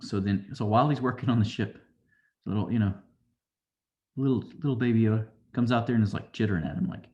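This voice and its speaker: A man's voice: fairly low pitch, fast talker, darkish tone, lo-fi sound. A man casually recapping a show episode, rambling along and acting out quotes from the characters. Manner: rambling, loose retelling with acted-out quotes. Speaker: show reviewer.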